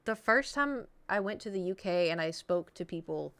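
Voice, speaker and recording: A woman's voice: fairly low pitch, expressive, normal speed, a bit bright. A woman streaming, chatting casually and animatedly with her viewers. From United States. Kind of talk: casual chat with chat.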